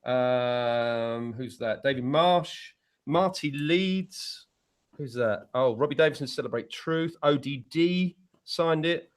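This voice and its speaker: A British panel guest and musician, English accent, rambles through lengthy stories in casual conversation, restarting sentences again and again. He talks slowly in a mid-range voice.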